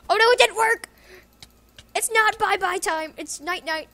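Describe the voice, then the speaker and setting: A woman giving casual gameplay commentary as a video game YouTuber, excitable and jokey, often yelling and laughing at the match. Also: extremely high pitch, a little slow, noisy background. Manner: jokey self-talk. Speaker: gaming YouTuber.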